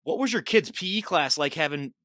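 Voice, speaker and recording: A man's voice: fairly high pitch, lively intonation, fairly quick, a bit bright, dry recording, studio quality. A man hosting a podcast, asking questions in a teasing, laughing way. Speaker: podcast host. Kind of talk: casual interview.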